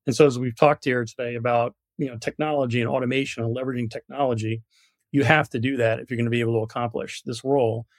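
A man's voice: mid-range voice, fast talker, no room sound. Chatty New York-raised man telling stories. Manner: animated storyteller with many "you know" fillers. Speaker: guest, product marketing director. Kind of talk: podcast interview.

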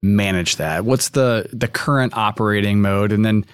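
A man hosting an interview podcast, speaking in a deliberate, emphatic way with drawn-out phrasing. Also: lowish voice, clear, resonant tone, dry recording, clean studio sound. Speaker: podcast host.

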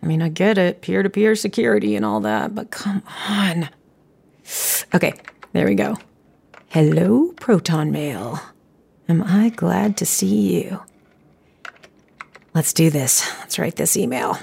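A woman's voice: low voice, big pitch swings, a little slow, vocal fry, darkish tone, breathy edge, full character voice. An actress playing a wry, scheming young female hacker who mutters dry asides to herself. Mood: impatient.

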